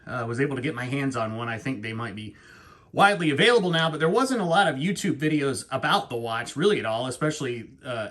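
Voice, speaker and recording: A man hosting a casual watch unboxing vlog, talking excitedly and breathlessly, rambling and poking fun at himself. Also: mid-range voice. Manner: excitable, rambling, self-mocking. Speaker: watch channel host.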